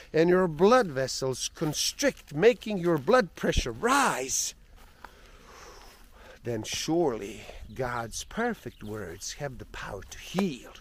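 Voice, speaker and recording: Brief: man playing wise sheikh, slow, patient reasoning. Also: a little high. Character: clever calm male religious scholar.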